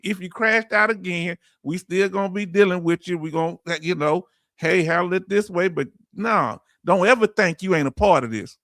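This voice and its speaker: A man's voice: sits high, moderate pace, a bit bright, no room sound, clean studio sound. Heartfelt Texan man hosting a livestream. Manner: heartfelt, emotional, calls viewers family. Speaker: livestream host reading viewer chat. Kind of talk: casual livestream chat.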